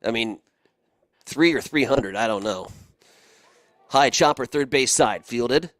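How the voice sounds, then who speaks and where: A man calling baseball play-by-play in a relaxed, chatty way, trading remarks with his partner. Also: mid-range voice, takes it slowly, no room sound. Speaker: play-by-play announcer.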